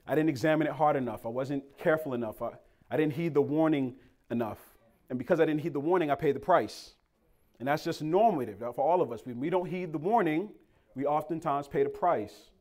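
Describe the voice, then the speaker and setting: Brief: young male preacher from Boston, lively storytelling sermon, slightly high voice. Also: fairly quick. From Boston, Massachusetts. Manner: animated, playful, acts out quoted voices.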